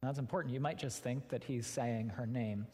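A man preaching a sermon at a mid-range pitch, his voice trailing into the long reverb of a large hall. He talks in a frank, conversational way, as if chatting with the congregation rather than lecturing. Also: fairly even intonation, brisk, warm tone. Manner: conversational, candid, addresses listeners directly. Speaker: pastor.

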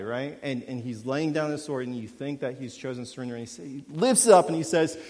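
A young man preaching a sermon, talking casually and animatedly, rising loud and dropping quiet. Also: mid-range voice, lively intonation, a little fast, few pauses. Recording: long hall reverb.

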